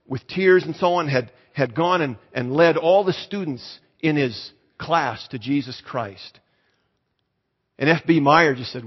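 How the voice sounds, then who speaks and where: A man preaching a storytelling sermon in a conversational way, asking the congregation to raise their hands. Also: fairly high pitch. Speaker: pastor. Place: church hall. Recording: echoey hall, slightly dull sound.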